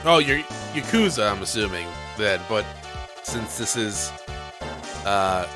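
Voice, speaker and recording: A man's voice: on the low side, expressive, a little slow. A man hosting a let's play, giving casual, joking commentary with some swearing. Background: game music.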